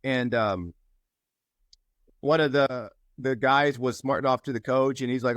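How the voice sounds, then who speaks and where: A man sharing encouragement and telling a story in a casual group call, lively when he quotes people. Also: medium pitch, normal speed, no echo. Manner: storytelling, animated when quoting others. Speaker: mastermind group member.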